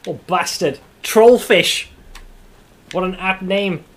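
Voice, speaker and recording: A man streaming a game, commenting live, swearing often and yelling when startled. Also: fairly high pitch, big pitch swings, moderate pace, breathy edge.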